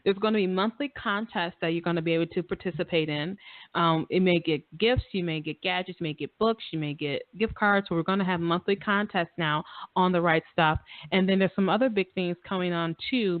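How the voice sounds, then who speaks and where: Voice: mid-range voice, a little fast, no room sound. Radio host, chatty, effusive, dry narrow phone-line sound. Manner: chatty, effusive, with many fillers. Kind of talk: casual radio talk show chat.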